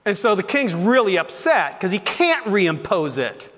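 A male pastor preaching a sermon, reading scripture aloud with animated voiced lines and asides. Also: sits high, unhurried, in a large hall.

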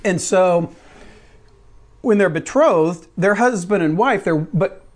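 High voiced guy explaining church stuff, rambly, keeps correcting himself. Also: lively intonation, slow pace. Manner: rambling, self-correcting, chuckles. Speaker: church teacher answering questions. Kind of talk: casual explanatory chat.

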